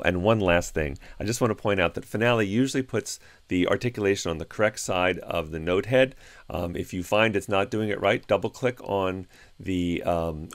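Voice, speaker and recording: A man calmly walking through a music notation software tutorial step by step, with a few fillers. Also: low-pitched, no echo. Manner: calm, step-by-step explaining with fillers. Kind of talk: screen-recorded tutorial.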